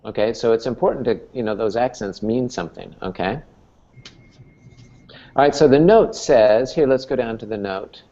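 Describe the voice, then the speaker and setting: A man's voice: mid-range voice, moderate pace, dark tone, highs cut off. A man teaching a Greek class as professor, explaining patiently and checking in with "okay?" and "right?". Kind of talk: classroom lecture.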